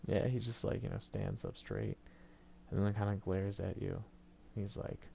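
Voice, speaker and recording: A man with a deep, mellow voice that has a gravelly rasp narrates a tabletop role-playing game as game master. His delivery is loose and casual, full of likes, you knows and small restarts. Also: steady tone, moderate pace, a little hiss or hum.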